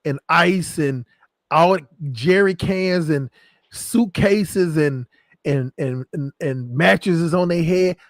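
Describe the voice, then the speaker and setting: High-voiced man joking crudely on stream. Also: slow pace, no echo. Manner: crude, joking, laughs often. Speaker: stream host. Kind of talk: casual chat.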